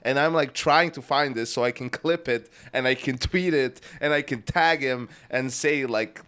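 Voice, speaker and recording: A man co-hosting a casual podcast, talking in a flat, monotone way and laughing often. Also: medium pitch, normal speed, smooth. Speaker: podcast co-host.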